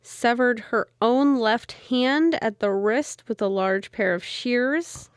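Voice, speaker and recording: A woman's voice: a little high, slow pace, clear, resonant tone, dry recording, studio quality. A woman co-hosting a casual podcast, telling a story from her notes with frequent ums. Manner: narrates from notes with many ums, laughs easily. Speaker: podcast co-host.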